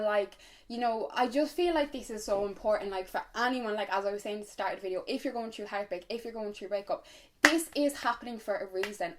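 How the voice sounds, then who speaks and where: A woman in her twenties with an Irish accent, telling a casual story-time vlog in a chatty, frank way, full of fillers and swearing. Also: medium pitch. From Ireland. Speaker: vlogger.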